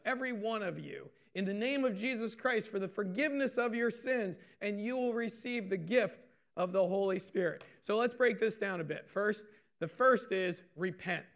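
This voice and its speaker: Gravelly, higher-pitched man preaching. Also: a bit bright. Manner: conversational, repeats phrases, asks the audience questions. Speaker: pastor. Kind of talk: sermon.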